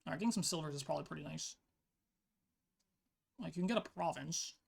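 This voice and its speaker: Fast, creaky, and husky at a medium pitch, a player talks through their online card game as they play. The commentary is casual, reasoned out loud, and full of "like."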